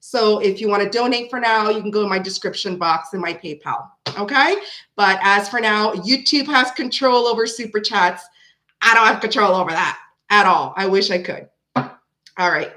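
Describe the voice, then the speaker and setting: A woman's voice: mid-range voice, normal speed, pushed and bright. A woman hosting a tarot live stream, chatting casually and greeting viewers one by one by name.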